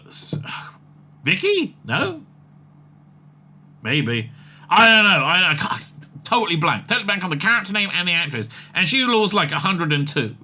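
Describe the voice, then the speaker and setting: A man giving casual comic commentary on an interview, excitable and rambling, with many fillers and laughs. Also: a little high.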